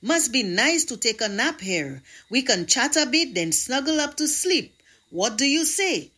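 Storybook goat, male, greedy and insistent, read by a woman; high and bouncy. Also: big pitch swings, a little slow, sharp tone, slightly rough, heavily acted. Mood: pushy. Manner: insistent, demanding.

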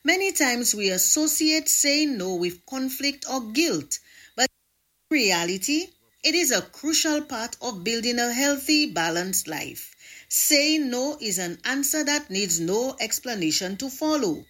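A woman presenting a scripted radio devotional, reading with expressive storytelling. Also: a little high, unhurried.

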